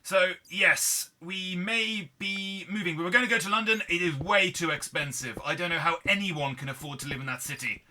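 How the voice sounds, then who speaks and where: A man's voice: medium pitch, lively intonation, measured pace, bright, forceful tone. A man doing a put-on accented persona, commenting on gameplay in an upbeat, exclamatory, rambling way. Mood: chatty. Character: chirpy adult male show persona with put-on accent.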